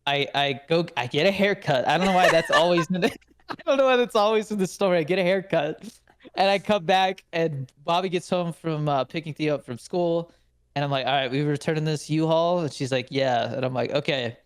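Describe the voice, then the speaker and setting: A young podcast co-host tells stories in a casual chat, animated, laughing a lot, swearing, and acting out quotes. His voice is on the high side and a little fast, with a clean tone.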